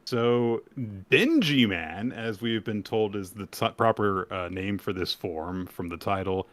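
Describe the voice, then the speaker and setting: A man co-hosting a casual podcast, retelling comic chapters with animated energy and acted-out quotes. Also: fairly low pitch, measured pace, dry recording. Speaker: podcast co-host. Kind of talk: casual chat recapping manga.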